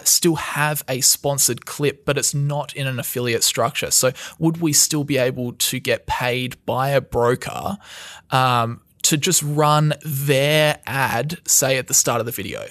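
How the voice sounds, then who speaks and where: A man's voice: mid-range voice, measured pace, a bit bright, no room sound. A man co-hosting a casual podcast, explaining thoughtfully and restarting phrases as he works through points. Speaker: podcast co-host.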